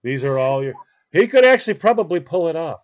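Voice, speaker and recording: A man telling funny stories in casual chat, animated and laughing, acting out what people said. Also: fairly high pitch, quick pace, highs cut off. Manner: animated, laughing, acts out quotes in funny voices. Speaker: podcast host.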